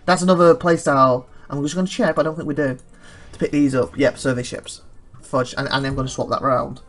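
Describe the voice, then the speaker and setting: A man commenting on his own strategy game, thinking aloud and rambling fast with a dry throat he keeps clearing. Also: mid-range voice, fairly even intonation, fairly bright tone. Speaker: let's play host. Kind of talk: gameplay commentary.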